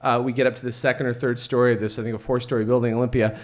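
A man at a middle pitch tells a personal story to a crowd. He rambles and swears freely, in a loose, casual way. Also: little pitch movement, very fast. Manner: rambling and profane. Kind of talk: personal story told to an audience.

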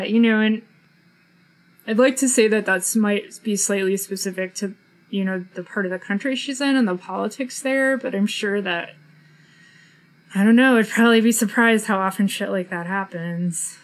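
A woman's voice: mid-range voice, fairly even intonation, moderate pace, poor audio. A woman from New England co-hosting a podcast, chatting casually and laughing often. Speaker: podcast co-host. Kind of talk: casual chat.

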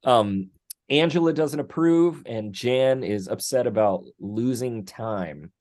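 A man co-hosting a podcast in casual chat, talking in an animated, enthusiastic way and laughing often. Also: mid-range voice, slow pace. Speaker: podcast co-host.

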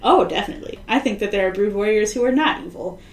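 A woman's voice: mid-range voice, fast, echoey room. A woman co-hosting a podcast in casual chat, rambling and sardonic, often acting out the people she quotes. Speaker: podcast co-host.

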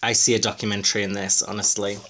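A man interviewing a guest in casual chat, lively and quick to laugh. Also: on the low side.

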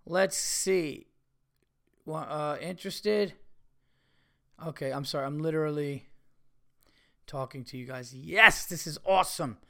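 A man's voice: fairly high pitch, a little slow, creaky, pauses often, bright, forceful tone. A middle-aged man hosting a podcast, ranting in a profane, repetitive, emphatic way. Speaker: podcast host. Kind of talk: casual solo podcast rant.

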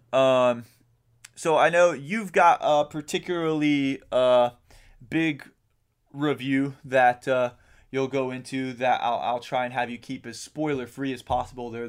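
A man's voice: mid-range voice, fairly even intonation, normal speed, clean tone. A man co-hosting a podcast, talking casually in a rambling way, with lots of ums and casual swearing. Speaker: podcast co-host. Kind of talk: casual chat.

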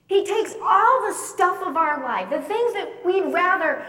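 A woman's voice: extremely high pitch, lively intonation, measured pace, bright, forceful tone. A woman preacher giving a sermon, telling stories with emphatic, swelling delivery. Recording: echoey hall, voice from far off.

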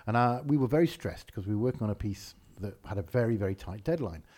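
Playful man, dark husky voice. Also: on the low side, lively intonation, quick pace. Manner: playful, breaks into silly accents. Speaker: podcast co-host. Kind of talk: casual chat.

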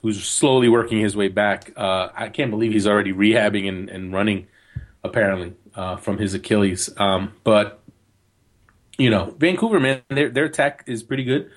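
A man from New Jersey co-hosts a casual soccer show in a low voice. He talks in a loose, chatty way and jokes with his co-host. His sentences often stop and start again. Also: moderate pace. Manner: chatty, joking, lots of restarts. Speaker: podcast co-host.

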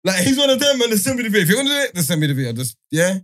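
Animated young man telling stories. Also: high voice, very fast. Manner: animated storytelling, slang-heavy. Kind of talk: casual banter.

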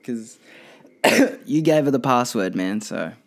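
A man's voice: mid-range voice, lively intonation, takes it slowly. A young man hosting a casual solo podcast, rambling and swearing freely with many restarts. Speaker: podcast host.

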